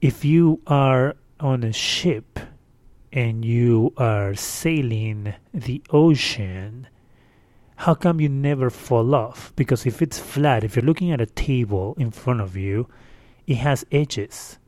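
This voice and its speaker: Speaking slowly in a medium-pitched, slightly mellow voice, a podcast host rambles through his casual solo show, full of fillers and exasperation. It's a dry recording made on a distorted home microphone fitted with a windscreen.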